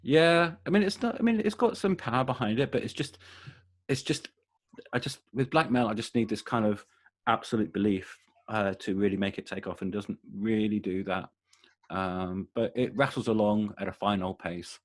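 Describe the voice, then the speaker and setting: A man's voice: on the low side, normal speed. A man co-hosting a music podcast over a video call, chatting casually about bands and trailing off into fillers and restarts. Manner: rambling, many fillers and restarts. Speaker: podcast co-host, music journalist.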